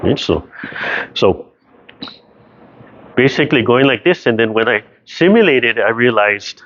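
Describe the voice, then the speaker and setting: A man's voice: mid-range voice, expressive, unhurried, long pauses, a bit bright. A man teaching a tai chi class over a video call, explaining carefully and checking in with "right?" after almost every point. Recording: dull lo-fi video call audio.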